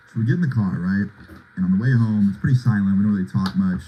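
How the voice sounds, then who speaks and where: A man's voice: lowish voice, fast talker, mellow, slight background noise, rough recording. A young man in his twenties telling a story on a livestream in laid-back, slangy talk full of "like" and "bro". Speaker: livestream host.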